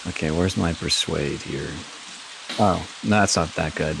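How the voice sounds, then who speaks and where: A man's voice: a bass voice, steady tone, unhurried, creaky, noisy background. A man playing a tabletop game, chatting casually and thinking aloud about his moves. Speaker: player.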